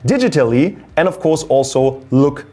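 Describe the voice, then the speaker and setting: A man's voice: on the high side, expressive, normal speed, warm tone. A man in his thirties with a German accent, explaining things in an upbeat vlog, lifting his voice for emphasis. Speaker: photography YouTuber and former radio presenter.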